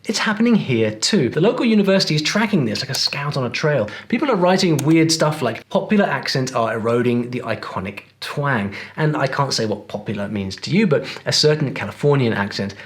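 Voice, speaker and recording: A man's voice: a little high, animated, a little fast, few pauses. A man narrating a scripted video in a playful, teasing way, talking straight to the viewer.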